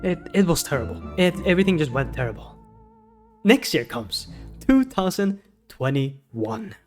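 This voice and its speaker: A man's voice: a little high, big pitch swings, normal speed, faint music behind. A man ranting in a rambling, profane and exasperated way, giving commentary as a gaming YouTuber.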